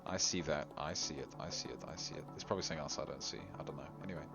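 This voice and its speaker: A man's voice: extremely low pitch, racing, creaky. A man giving casual commentary while he plays a game, chatting, humming little tunes, getting exasperated at the game and laughing at himself. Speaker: gameplay commentator. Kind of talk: casual let's-play commentary. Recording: slightly dull lo-fi recording with faint music.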